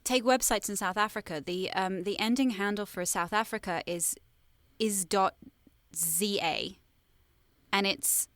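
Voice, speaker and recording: A woman's voice: mid-range voice, a bit bright, no echo. A woman voice actor with an American accent and a slight Southern twang, chatting casually in an interview and joking at her own expense. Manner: chatty, self-deprecating, quick asides. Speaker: voice actor guest.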